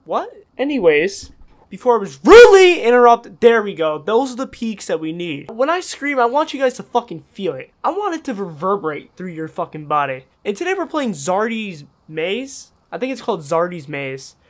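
Lively-pitched profane gaming guy. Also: normal speed, few pauses. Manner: profane and sarcastic, swinging from mutters to panicked yelling. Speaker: gaming YouTuber. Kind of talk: horror game let's-play commentary.

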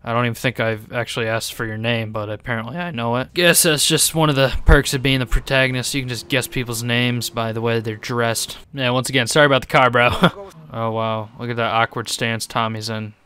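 A young man talking excitedly over his gameplay, joking sarcastically, swearing and laughing often. His voice is bright and forceful, with a crisp, clean tone. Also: medium pitch, a little fast. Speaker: gaming YouTuber. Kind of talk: gaming commentary.

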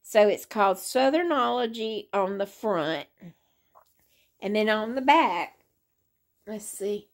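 Slow-talking older woman. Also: mid-range voice, animated. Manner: chatty, rambling, yawning. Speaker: crochet vlogger. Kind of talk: casual chat to viewers. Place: living room, in a hospital bed.

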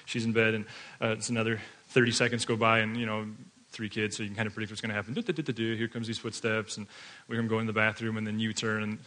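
A man's voice: lowish voice, level tone, fast, pushed and bright. A male pastor giving a conversational sermon that mixes in family stories, chatty and full of fillers, often laughing as he talks.

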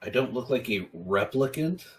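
A man co-hosting a casual company webcast, with dry, deadpan jokes. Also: mid-range voice, moderate pace. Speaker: webcast co-host.

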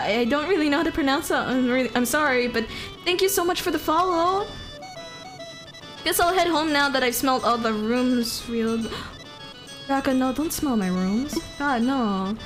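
A high-pitched woman chats her way through a live game stream, giggly and playful, often breaking into excited yelps. Upbeat game music plays clearly underneath her voice. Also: unhurried.

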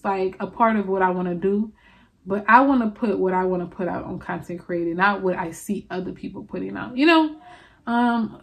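A woman in her late twenties with a New Orleans accent, hosting a casual solo confessional podcast, rambling warmly with many fillers and restarts and calling her listeners y'all. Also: mid-range voice. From New Orleans, USA. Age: 20s. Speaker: podcast host.

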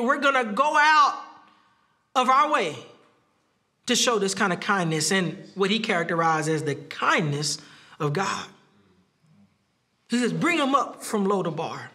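Male pastor, very high and bright voice, lively preaching style with frequent laughter. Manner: animated preaching with laughs and repeated phrases; acts out quoted speech with rising pitch. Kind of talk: sermon.

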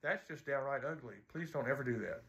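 Male trombone teacher, gravelly and bright-toned, blunt and teasing, counts rhythms aloud. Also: mid-range voice, fairly quick, faint music behind. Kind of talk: instructional video.

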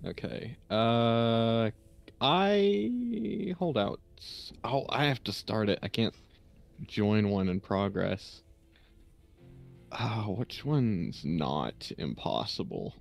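A man streaming a co-op heist game, giving quick tactical instructions and joking at himself. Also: on the low side, very animated, creaky, soft background music. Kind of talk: casual gaming chat.

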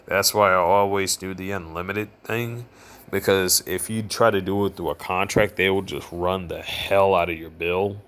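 Deep, bright-toned man reading haltingly. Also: steady tone. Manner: halting, stumbling reading with fillers. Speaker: vlogger. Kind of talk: reading an article aloud with asides.

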